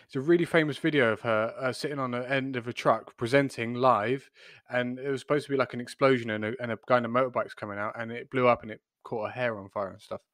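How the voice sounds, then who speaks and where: A man chatting casually as a podcast co-host, speaking haltingly with many fillers. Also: mid-range voice, steady tone, fairly bright tone, no room sound, studio quality. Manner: halting, full of fillers and restarts. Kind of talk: casual chat.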